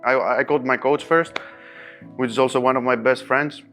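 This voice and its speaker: A man being interviewed as a pool player, telling a story in non-native English. He is animated, laughs often and acts out his own quotes. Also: medium pitch, moderate pace, faint music behind.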